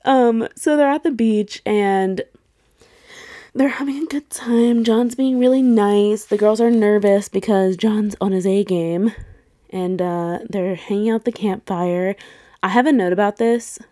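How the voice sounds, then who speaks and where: A woman's voice: mid-range voice, unhurried, dark tone, dry recording, studio quality. A woman in her thirties co-hosting a podcast, casually recapping a movie with frequent laughs, swearing and acted-out quotes. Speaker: podcast co-host. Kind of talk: casual movie rewatch chat.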